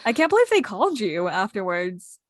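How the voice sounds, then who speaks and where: A woman's voice: mid-range voice, very animated, fairly quick. A woman co-hosting a podcast, reacting to her friend's story with blunt, supportive comments and swearing. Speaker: podcast co-host. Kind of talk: casual chat.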